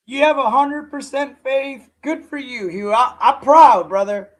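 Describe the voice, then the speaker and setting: A man whose voice is nearly gone talks slowly and rambles through a casual live reaction stream. He keeps repeating himself and calling people "dude" in a loose, conversational way. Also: very high voice, rough recording.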